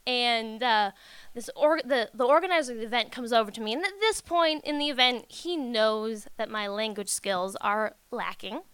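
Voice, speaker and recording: Bright, high-voiced young woman telling stories. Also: clear, resonant tone, no room sound. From United States. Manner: casual, self-mocking, swears freely; laughs through the telling and acts out quotes. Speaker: storyteller. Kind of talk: live stage storytelling. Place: live storytelling stage.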